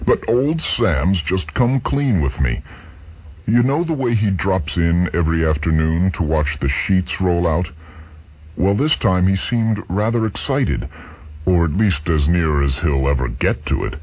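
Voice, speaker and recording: A man's voice: sits low, animated, a little slow, a little mellow, slightly rough, no echo, full character voice. A man voicing an anxious young male engineer who speaks urgently, in a dull lo-fi recording. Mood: uneasy. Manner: urgent, worried.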